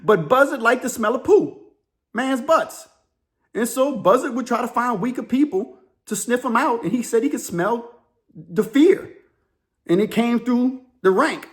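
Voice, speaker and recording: Animated man telling prison stories. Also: very high voice, measured pace. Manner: animated, rambling, many "you know"s. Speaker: YouTube host, former prisoner. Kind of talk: casual storytelling.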